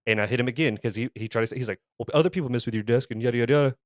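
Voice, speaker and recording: A man's voice: mid-range voice, rapid-fire, no echo, studio quality. A man co-hosting a podcast, telling a workplace story casually, swearing often and restarting and repeating his words as he gets worked up. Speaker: podcast co-host.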